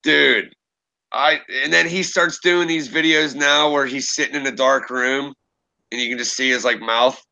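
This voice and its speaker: A man's voice: mid-range voice, steady tone, moderate pace, creaky, pushed and bright, low-quality recording. A young man streaming from home, chatting casually, rambling and profane, often laughing at himself. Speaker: streamer and creepypasta narrator. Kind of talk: casual livestream chat. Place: home room.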